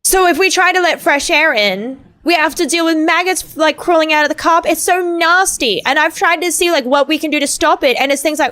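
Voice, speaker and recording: A woman's voice: high-pitched, a little fast, hardly any pauses, sharp tone. A young woman chatting casually on a gaming stream, rambling and ranting with lots of swearing and fillers. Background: faint game music.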